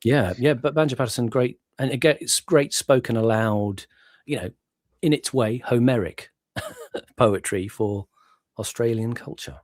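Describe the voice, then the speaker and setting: A man's voice: mid-range voice, unhurried, a little mellow, dry recording, studio quality. A man hosting a casual chat over a video stream, talking enthusiastically and thoughtfully with lots of agreeing yeahs. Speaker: show host.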